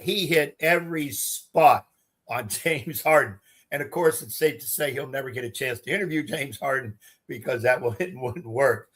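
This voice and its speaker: Husky-voiced man calmly weighing in. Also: mid-range voice. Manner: measured, reflective, laughs easily. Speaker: co-host, coach. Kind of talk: casual sports talk.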